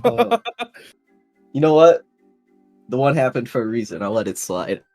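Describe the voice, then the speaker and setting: A man's voice: medium pitch, huge pitch swings, normal speed, a little mellow, soft background music. A man playing a tabletop game, reacting eagerly and talking in character. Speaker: player.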